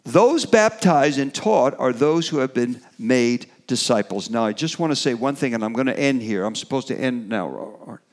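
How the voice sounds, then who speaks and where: A middle-aged man preaching a sermon, animated, building to emphatic peaks and trailing off with fillers in between. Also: medium pitch, moderate pace, hardly any pauses.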